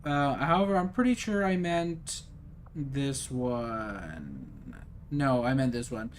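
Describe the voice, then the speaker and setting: A man's voice: mid-range voice, animated, slow, a little hiss or hum. A man casually commenting while he plays a strategy game, rambling and self-deprecating as he thinks aloud. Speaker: gaming streamer. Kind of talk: casual let's-play commentary.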